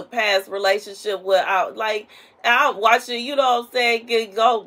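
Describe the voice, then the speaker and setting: A woman's voice: fairly high pitch, vocal fry, a bit bright. A woman sharing a prophetic message in a casual, rambling way, full of conversational asides. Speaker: prophetic minister.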